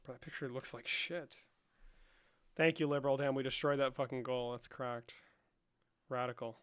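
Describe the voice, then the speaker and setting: A man hosting a livestream in a casual, profane, slangy manner, saying "bro" a lot and swinging between low muttering and loud outbursts. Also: fairly even intonation, moderate pace, smooth, no echo. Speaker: livestream host.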